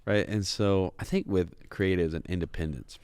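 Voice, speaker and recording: A man with a very deep voice co-hosts a casual podcast. He jokes around and keeps checking in with "right?" as he talks things through. The recording is dry and close-miked. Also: fairly even intonation, moderate pace, a little mellow, smooth, no room sound. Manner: jokey, filler-heavy, says "right?" a lot. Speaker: podcast co-host.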